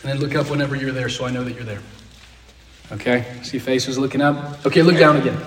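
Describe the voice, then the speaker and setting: A man's voice: mid-range voice, fast talker, slight background noise. A man leading an interactive Bible lesson, asking the class questions and repeating key phrases. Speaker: Bible teacher. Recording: roomy echo, distant mic.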